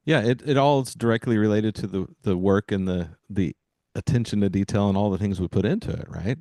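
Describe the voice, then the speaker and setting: A man hosting a podcast with a lowish voice, speaking in an encouraging, reflective manner, as if coaching his listeners. The sound is dry and close, with no room echo. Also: fairly quick, dark tone. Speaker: podcast host. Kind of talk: casual podcast conversation.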